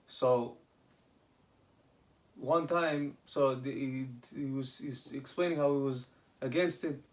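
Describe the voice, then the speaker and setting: A man casually telling a religious story, often restarting his sentences. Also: a little high. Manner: retells with acted quoted dialogue and many restarts.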